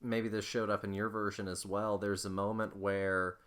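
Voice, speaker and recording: A podcast co-host with a somewhat low voice talks through a movie in relaxed conversation. He is thoughtful and explanatory and recommends the film warmly to listeners. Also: normal speed. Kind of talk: casual film discussion.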